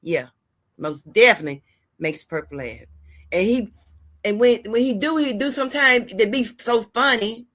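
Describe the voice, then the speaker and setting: A woman's voice: fairly high pitch, animated, normal speed, a bit bright. A woman hosting her channel in a casual vlog monologue, chatty and rambling as she talks straight to her viewers and hands out heartfelt life advice. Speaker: host of a gossip and news channel.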